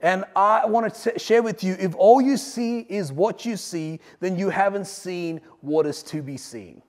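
A man preaching a sermon, swinging between loud emphatic lines and quiet asides. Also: high voice, measured pace, big-room sound. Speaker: pastor.

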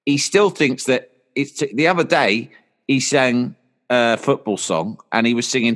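A man, a podcast guest telling long, animated stories and putting on voices for his friends in quotes. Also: medium pitch, measured pace. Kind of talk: casual storytelling.

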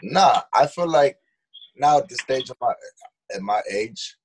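A man's voice: medium pitch, lively intonation, unhurried, a little hiss or hum. A man with a New York accent telling blunt, profane stories as a podcast co-host in casual chat.

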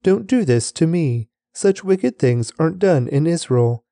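A man reading the pleading words of the young princess Tamar in a mellow, dry, even voice, barely changing it. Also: a little high, unhurried, creaky, no echo.

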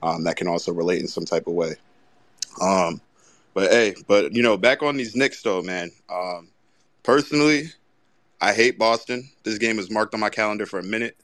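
A man co-hosting a sports talk show, speaking in an easygoing way with frequent pauses. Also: lowish voice, fairly bright tone, no room sound. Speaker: co-host. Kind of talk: casual sports chat.

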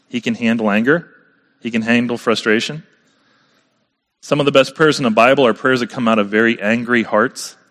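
A man's voice: mid-range voice, fairly bright tone, big-room sound. A man preaching a sermon in a conversational way, often turning to the congregation with rhetorical questions. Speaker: pastor.

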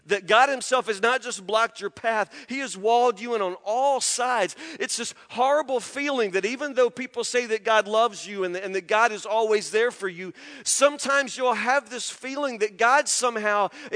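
A man preaching a sermon as a pastor, emotional and halting, stammering through restarts and dropping from loud appeals to hushed confessions. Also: very high voice, in a large hall.

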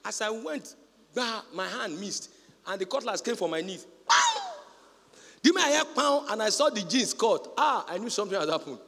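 A Nigerian man preaching a sermon as a pastor, often shouting in a sing-song preaching cadence. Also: sits high, wildly swooping pitch, normal speed, gravelly, slightly rough, long reverb tail.

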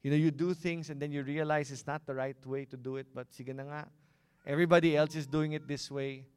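Male pastor, sermon, high clear voice, dry sound. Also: steady tone, fairly quick, dry recording. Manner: engaging, asks the congregation questions.

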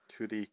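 A man's voice: a little high, bright, forceful tone, a little hiss or hum. A man co-hosting a podcast, chatting casually and tossing in sarcastic jokes. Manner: sarcastic, jokey interjections. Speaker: podcast co-host. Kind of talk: casual chat.

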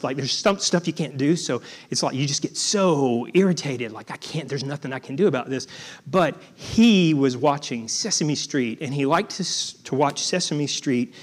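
Halting, storytelling preacher man. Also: fairly high pitch. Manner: halting, repeats words, jokes with the congregation. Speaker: guest preacher. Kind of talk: storytelling sermon.

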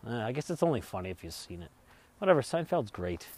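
A man's voice: mid-range voice, big pitch swings, fast talker, darkish tone, husky. A man vlogging as he travels, telling a rambling, profane story in casual chat. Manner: rambling, profane, laughs while retelling.

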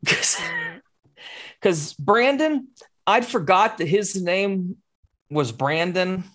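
A woman's voice: on the low side, animated, slow pace. A woman in her forties telling a story in casual podcast chat, heated and swearing freely.

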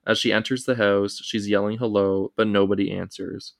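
A man's voice: on the low side, little pitch movement, moderate pace, gravelly, no room sound, studio quality. A young man hosting a casual podcast, recapping film scenes in long narrating stretches.

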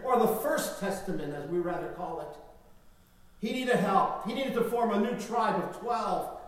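High-voiced preacher in an echoing church. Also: male voice. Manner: emphatic, repetitive, dynamic swings in volume. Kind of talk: sermon. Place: large church hall. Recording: echoey hall, voice from far off.

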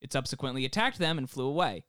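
A man's voice: medium pitch, animated, quick pace, a bit bright, clear, resonant tone, dry recording, clean studio sound. A young man co-hosting a podcast from home, reading a story from notes with jokey asides. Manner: reads steadily, breaks into laughing jokes. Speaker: podcast co-host presenting the story. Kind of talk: reading researched notes with banter. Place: home, self-isolating.

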